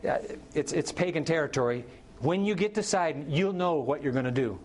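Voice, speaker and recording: A middle-aged pastor preaching a sermon, telling the story with animated delivery and acting out characters' lines. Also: male voice, fairly high pitch, a little fast, a little hiss or hum.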